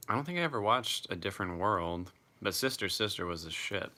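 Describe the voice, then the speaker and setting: A young man with a low voice and a bright, forceful edge, chatting on a live stream. He answers viewer comments loosely and casually, dropping swear words as he goes. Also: brisk. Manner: relaxed, chatty, swears freely.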